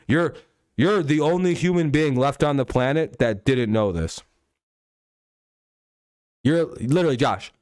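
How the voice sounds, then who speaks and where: In a dry, studio-quality recording, a young male host with a darkish, mid-range voice gets into a heated argument on his casual talk stream. He swears, circles back over the same points, and keeps restarting his sentences.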